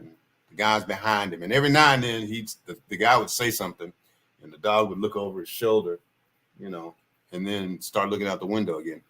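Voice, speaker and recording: Rambling and folksy, a male livestream host tells stories casually and keeps repeating what matters most to him. His voice is on the low side, with a sharp tone.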